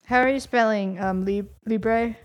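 A woman's voice: a little high, fairly even intonation. A woman taking part in a casual trivia quiz, guessing answers and teasing the host. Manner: quick guesses, dry teasing. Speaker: quiz contestant.

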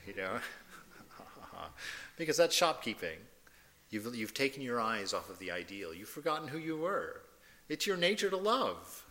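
A man's voice: mid-range voice, very animated, a little slow, bright, forceful tone. A man giving an informal spiritual talk, conversational and laughing often as he acts out little quoted voices. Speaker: spiritual teacher.

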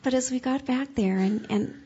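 Woman, husky voice, earnest halting testimony, dull lo-fi seminar tape. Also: high-pitched, dark tone. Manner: earnest, halting storytelling with many restarts. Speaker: speaker's wife sharing a story.

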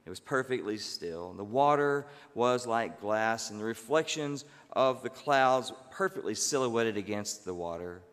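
Slow-paced preacher telling a story. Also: male voice, medium pitch, animated. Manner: slow, gentle storytelling with pauses. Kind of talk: sermon storytelling. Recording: long hall reverb.

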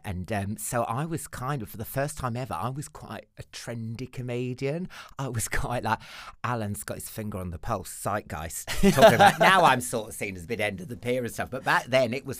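A man, a comedian guest telling stories in a camp, animated way during a podcast interview. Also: no echo, studio quality. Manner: camp, animated storyteller who breaks into high put-on voices. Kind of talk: casual interview chat.

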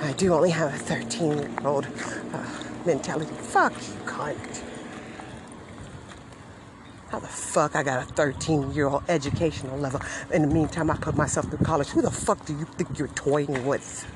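A woman's voice: sits low, fairly even intonation, moderate pace, noisy background. Woman, 40s, bitter furious rant outdoors by a busy street. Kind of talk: angry rant vlog.

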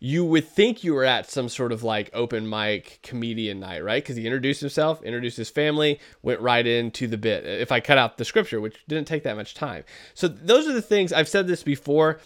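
A man's voice: medium pitch, expressive, fairly quick, hardly any pauses, a bit bright. Conversational man reviewing a sermon. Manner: conversational, critical, frequent fillers. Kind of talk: video commentary.

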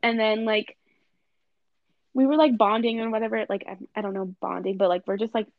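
A young woman with a fairly high voice tells a rambling story, giggling and packing her speech with "like." The sound is a bit dull and muffled. The recording is close and dry. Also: fairly even intonation, fairly quick, dry recording. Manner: giggly, lots of fillers like "like". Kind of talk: casual storytelling chat.

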